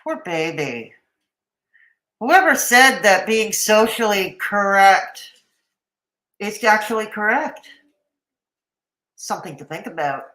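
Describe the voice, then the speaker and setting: A woman's voice: mid-range voice, expressive, slow pace, pauses often, fairly bright tone. A woman streaming live, reacting to a video with sarcastic commentary, laughing often and chatting with her viewers. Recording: roomy echoey room.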